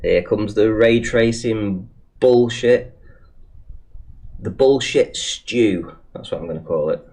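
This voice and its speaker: A man's voice: on the low side, a little slow, darkish tone. A man giving sarcastic, scornful commentary over a debate clip.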